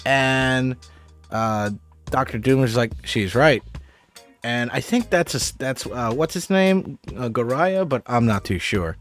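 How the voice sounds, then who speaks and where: A man's voice: mid-range voice, animated, normal speed, faint music behind. A man casually recapping a TV episode, rambling and swearing, with lots of fillers and restarts. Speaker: show recap host.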